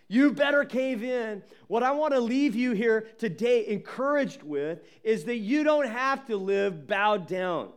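A man preaching a sermon as pastor, emphatic and animated, often repeating words as he builds. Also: extremely high pitch.

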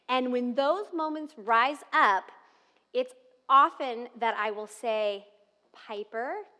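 A woman in her thirties preaching a sermon, telling family stories and dropping to soft, tender tones. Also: high voice. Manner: warm storytelling with soft tender asides and laughs. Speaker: pastor. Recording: long reverb of a large hall.

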